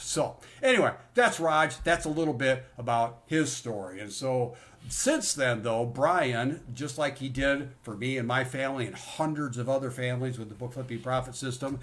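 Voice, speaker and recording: A man giving a live, conversational business-course presentation in an upbeat, enthusiastic way. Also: mid-range voice. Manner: enthusiastic, conversational, repeats "in other words".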